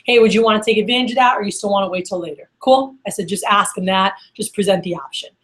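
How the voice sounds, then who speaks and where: A woman's voice: medium pitch, fast talker, fairly bright tone. A woman sales manager telling stories at a workshop, acting out the phone calls she quotes. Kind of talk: workshop storytelling.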